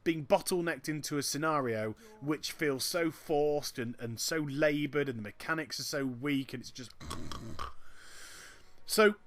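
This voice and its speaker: A man's voice: fairly high pitch, slight background noise. A man giving chatty, joking commentary over a video game. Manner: animated and chatty, with quick jokes. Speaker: gameplay commentator. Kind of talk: gameplay commentary.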